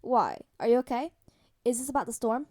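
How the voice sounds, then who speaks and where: A calm older man in a storybook audio reading, casual and reassuring with a dry, teasing edge, as a woman acts him out. The voice sits only a touch lower than hers, mellow and warm. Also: fairly quick, natural voice. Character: gentle, dry-humored older man, a mentor.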